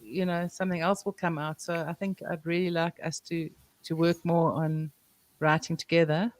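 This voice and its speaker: A woman guest chatting in a relaxed way, reminiscing at length. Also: on the low side, moderate pace, no echo. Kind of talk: casual chat.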